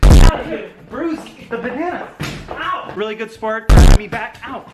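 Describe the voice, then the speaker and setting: A woman scolding and shouting repeated lines. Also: fairly high pitch, expressive, normal speed. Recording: echoey room, far from mic, loud music.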